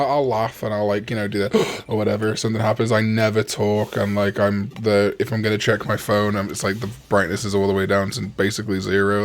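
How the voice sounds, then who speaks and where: A young man with a British accent chats along during a gaming session. He is laid-back and laughs easily, and he swears casually in an ordinary mid-range voice. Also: fairly low pitch. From Britain. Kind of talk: casual chat while playing a game.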